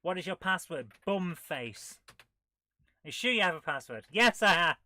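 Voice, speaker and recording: A woman's voice: fairly low pitch, expressive, moderate pace, pushed and bright. A woman, hosting a retro game playthrough, reading the game's text aloud with wry, jokey asides. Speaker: retro gaming host. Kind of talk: casual game playthrough commentary.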